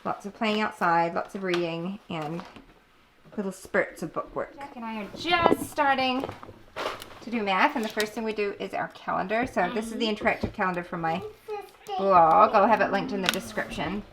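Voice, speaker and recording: A woman's voice: medium pitch, moderate pace. A woman narrating a casual home vlog as a homeschooling mother, chatty and self-deprecating, often laughing. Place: busy family home. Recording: noisy home background.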